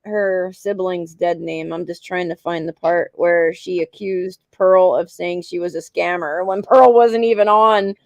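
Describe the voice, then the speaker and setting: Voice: medium pitch, fairly even intonation, measured pace, vocal fry, few pauses, no echo. A stream host with a mid-range voice chats casually and a bit distractedly while skipping through a clip. The sound is dry and close to the mic, with nothing around it.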